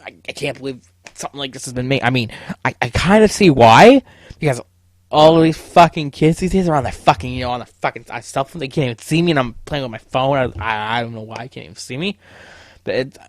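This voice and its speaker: A man's voice: medium pitch, expressive, brisk, no room sound. A young man hosting a podcast, ranting casually with heavy swearing and stammered restarts. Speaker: podcast host. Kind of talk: casual solo podcast rant.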